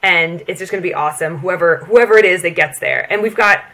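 A fairly low-voiced American woman who speaks as a podcast guest. She explains things with enthusiasm in a clear, conversational way, as if walking a newcomer through the game. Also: fast, sharp tone. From United States. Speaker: guest, American football player. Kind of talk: casual interview chat.

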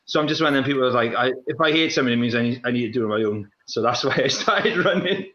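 A young man talks in restless, quick bursts, often repeating words as he goes. His voice sits in a middle pitch. The sound is dull and lo-fi, with a roomy echo around it. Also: sharp tone, a little hiss or hum. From Wales. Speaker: guest, former runner. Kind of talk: casual chat.

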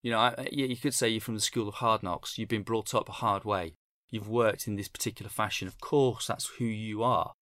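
A man's voice: on the low side, steady tone, brisk, hardly any pauses, a bit bright, dry recording, studio quality. A man, a chef speaking candidly and reflectively as a podcast guest. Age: 50s. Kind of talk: podcast interview.

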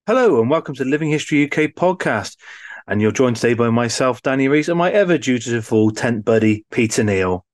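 A man's voice: mid-range voice, animated, a little fast, dry recording. A man co-hosting a podcast in casual, rambling chat with frequent restarts. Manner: chatty, rambling, with restarts and laughs. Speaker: podcast co-host.

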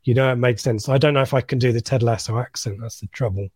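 A man co-hosts a casual live stream, reading viewer comments aloud with lots of ums and restarts. His voice sits at an ordinary pitch. The sound is dry and close. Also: steady tone, quick pace, darkish tone, husky, no echo. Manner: rambling, many ums, reads names aloud. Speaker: co-host of a live fan stream.

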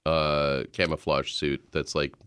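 A man who is a guest comedian on a podcast, talking in a mild, low-key way with plenty of ums. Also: flat delivery, slow, a bit bright, clear, resonant tone, no room sound, clean studio sound. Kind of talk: casual chat.

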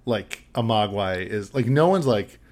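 A man's voice: lowish voice, lively intonation, a little slow, a little mellow. Rambling, filler-heavy podcast man. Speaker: podcast co-host. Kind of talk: casual chat recapping a film.

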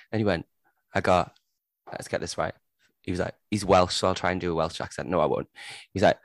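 A man's voice: low voice, fast talker, creaky, no echo. A young man chatting casually as a podcast co-host, telling stories with frequent laughter and the odd swear word. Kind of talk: casual chat.

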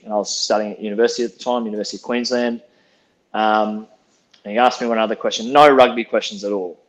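A man from Zimbabwe, a podcast guest telling stories in a relaxed way and laughing along. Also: on the low side, fast. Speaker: podcast guest, rugby player. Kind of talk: casual storytelling.

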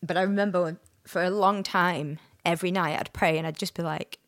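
A woman co-hosting a podcast, crying as she haltingly tells a painful personal story over a video call. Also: fairly low pitch, fairly even intonation, fairly bright tone, dry recording, clean studio sound. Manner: hesitant, halting, self-deprecating laughs. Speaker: podcast co-host.

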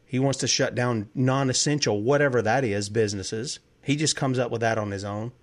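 A man's voice: medium pitch, normal speed. A man hosting a talk show, delivering an impassioned political monologue full of heated rhetorical questions. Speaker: host.

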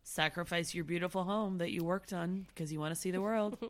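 A Canadian woman co-hosting a casual podcast, joking and frank, her voice raspy from being sick. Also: on the low side, fairly even intonation, a little fast. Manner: joking, frank, laughs often. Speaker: podcast co-host. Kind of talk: casual chat.

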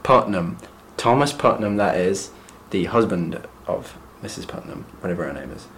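A man's voice: sits low, expressive, normal speed. A man talks casually and wryly as a podcast co-host, with a dry humor that keeps teasing. A faint hiss of ambient noise sits under his voice. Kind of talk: casual chat recapping a play.

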